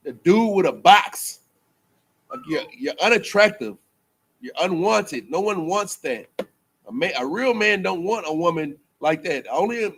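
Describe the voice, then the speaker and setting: A man's voice: high voice, a little hiss or hum. A man preaching in casual banter, joking and laughing often, repeating himself and restarting mid-phrase. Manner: loose, joking, laughs often, trails off into fillers. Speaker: teacher at a religious school.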